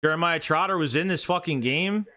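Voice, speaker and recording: A fan streamer calls a football game live, swearing freely and getting worked up, yelling whenever a play goes badly. His voice is a little high and he talks fairly quickly.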